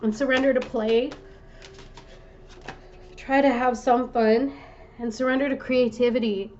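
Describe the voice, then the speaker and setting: A woman with a fairly high voice talks viewers through a tarot reading, gentle and reassuring, sometimes pausing to apologize. The recording sounds a little dull, with a faint hiss underneath. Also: steady tone. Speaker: tarot reader.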